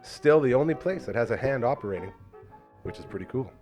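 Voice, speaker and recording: A man's voice: mid-range voice, animated, fairly quick, a little mellow, faint music behind. A man from Canada hosting a local podcast, upbeat and effusive as he thanks guests and signs off. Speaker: podcast host. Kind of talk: casual chat.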